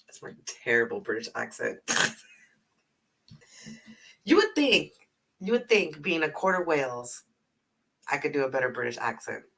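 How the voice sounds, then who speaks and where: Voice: medium pitch, gravelly, sharp tone, slightly rough, distant mic, poor audio. A speaker from the north side of Houston with a Houston Texan accent, rambling through a casual livestream chat with lots of 'like', free swearing and frequent laughs. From north side of Houston, Texas. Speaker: livestreamer and travel agent. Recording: voice a little off-mic.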